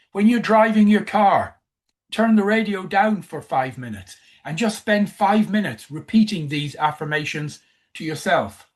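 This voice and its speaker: A man giving a coaching presentation, emphatic, who repeats key phrases. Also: sits high.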